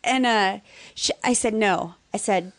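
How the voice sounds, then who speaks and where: A woman in casual conversation, telling a story animatedly and acting out the voices of others, at times rising to near-shouting. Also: medium pitch, a little slow, dry recording. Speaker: guest author.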